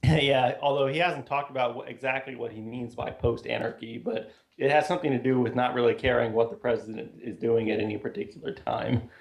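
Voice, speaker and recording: A man's voice: medium pitch, fairly even intonation, fairly quick, vocal fry. A man calling in to a radio show, laid-back and indifferent, laughing often. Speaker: caller. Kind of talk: casual phone-in chat.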